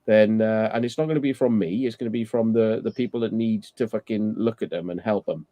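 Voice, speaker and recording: A man's voice: fairly low pitch, fairly even intonation, a little fast, warm tone. A man in a casual chat, ranting sarcastically and swearing often.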